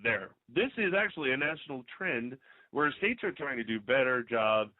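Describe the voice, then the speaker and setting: A man runs his own talk radio show, delivering sarcastic, ranting commentary that stumbles and restarts as his thoughts race ahead. His voice sits in an ordinary middle pitch. The audio is dry and squeezed into a thin, phone-like band. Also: expressive, moderate pace, no echo. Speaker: internet radio host. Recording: dry, tinny phone-like sound.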